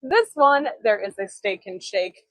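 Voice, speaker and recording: A woman's voice: mid-range voice, animated, a little slow, no room sound, low-quality recording. A woman from Chicago, leading a live-streamed walking tour outdoors on city streets, chatty and giggly, with storytelling asides. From Chicago, USA. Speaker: tour guide.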